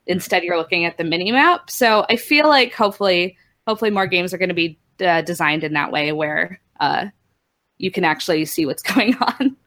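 A woman's voice: fairly low pitch, lively intonation, fairly quick, a bit bright. A woman co-hosting a gaming podcast, chatting casually, often laughing and restarting her sentences. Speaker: podcast co-host. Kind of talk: casual chat.

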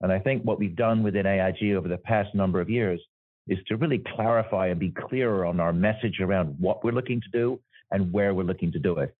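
Low-voiced insurance exec guy, explaining stuff in an interview, keeps saying "right?", dry tinny phone-ish sound. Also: a little fast, no echo. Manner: explanatory, tags points with "right?". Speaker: insurance executive. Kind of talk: business interview answers. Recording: dry, phone-like remote audio.

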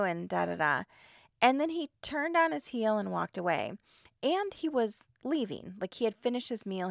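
Woman, middle-aged, podcast host, casual storytelling, exasperated, gravelly fry, dry close mic. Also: mid-range voice, no echo. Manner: animated, exasperated retelling with many fillers.

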